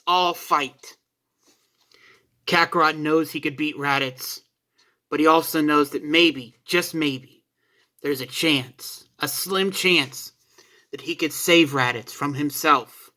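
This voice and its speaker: A man telling a homemade fan story in a relaxed, informal manner. His voice is bright and somewhat high. He talks slowly, sometimes stopping to fix his wording. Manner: informal, correcting himself mid-sentence. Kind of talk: casual fan-fiction narration.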